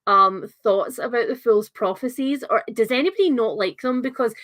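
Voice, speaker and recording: A woman's voice: a little high, moderate pace, fairly bright tone. A young woman hosting a livestreamed book club discussion, talking in a chatty, enthusiastic way with lots of filler words.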